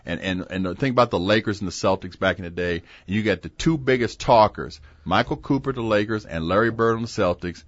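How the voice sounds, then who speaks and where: A man who played college basketball, a guest on a radio show, telling stories from his playing days and getting animated in the telling. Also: on the low side, brisk, few pauses, no room sound, muffled recording. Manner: storytelling, animated when recounting plays. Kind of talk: anecdotal interview talk.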